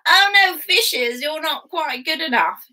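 A woman's voice: high-pitched, lively intonation, fairly quick, pitched above the performer's own voice. A woman voicing a rude, vain, fashion-obsessed male emperor who drags out his sniffy complaints. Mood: disdainful.

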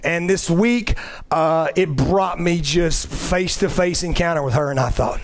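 A man's voice: on the high side, unhurried. A middle-aged male pastor preaching a conversational sermon, often checking in with "right?".

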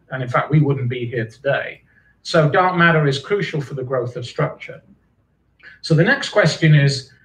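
A man's voice: a little high, fairly bright tone. A man giving an academic astronomy lecture in a conversational, explaining way, recorded from a distance in a lecture hall. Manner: conversational, loosely explaining with asides. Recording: roomy hall, voice from far off.

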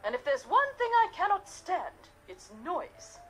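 An actress playing a prim, formal older widow who runs the manor, speaking in a video game. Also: female voice, extremely high pitch, sing-song, measured pace, soft background music, exaggerated voice. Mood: stern. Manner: formal, scolding, sometimes wistful.

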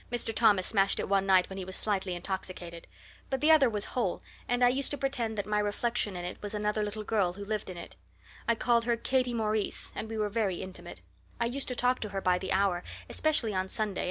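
A woman's voice: medium pitch, a bit bright, close to an everyday voice. A woman reading an audiobook, voicing a talkative, dreamy eleven-year-old orphan girl who gushes in a breathless, romantic way.

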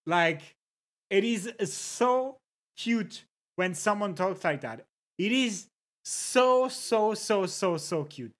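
A native French-speaking streamer chatting casually on a live stream, excitable, laughing, swearing and greeting chat. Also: mid-range voice, slow pace.

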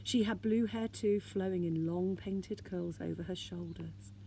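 Gravelly-voiced woman reading a storybook. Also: fairly low pitch, measured pace, a little hiss or hum. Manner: gentle, expressive reading. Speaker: teacher reading aloud. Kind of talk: storybook read-aloud.

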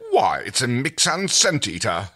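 A man's voice: medium pitch, wildly swooping pitch, unhurried, sharp tone, no echo, clean studio sound, voice pushed up, full character voice. A man voicing a pompous royal alien ruler in a haughty, grandly theatrical manner. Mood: delighted.

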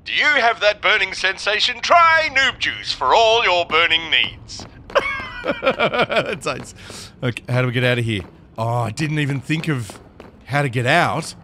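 A man giving live gameplay commentary, excitable and talking to himself, often yelping and laughing. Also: on the high side, measured pace, slight background noise. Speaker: Minecraft streamer.

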